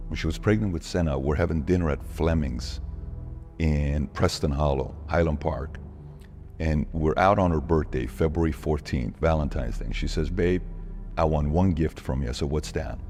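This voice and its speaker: A man telling a personal story in an interview, acting out the dialogue with lively shifts in his voice. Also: very deep voice. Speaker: interview guest.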